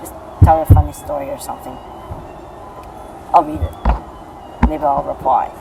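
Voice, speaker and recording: A woman's voice: sits low, little pitch movement, normal speed, vocal fry, noisy background. A woman vlogging casually while travelling, talking straight to her viewers with many fillers. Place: airport and airplane. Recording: loud music over the voice.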